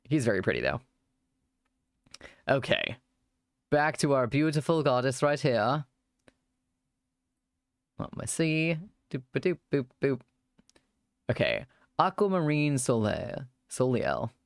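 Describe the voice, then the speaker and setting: Chatty gravelly-voiced male streamer. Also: mid-range voice, big pitch swings, slow, pauses often, dry recording, studio quality. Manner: rambling, chatty, improvising; thanks viewers for follows. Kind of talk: casual live-stream chat.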